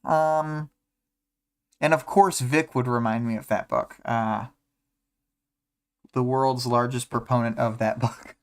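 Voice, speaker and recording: Guy slowly rambling through a book chat, lots of ums, smooth clear voice. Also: mid-range voice, fairly even intonation. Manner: rambling, many fillers, hums to himself. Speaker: podcast host. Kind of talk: casual chapter discussion.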